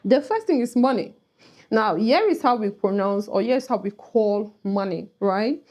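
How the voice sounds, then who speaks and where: A woman's voice: medium pitch, lively intonation, moderate pace, darkish tone. A woman teaching pidgin words in a chatty, casual way, often checking in with "right?" and "you know". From Cameroon. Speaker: language teacher vlogger.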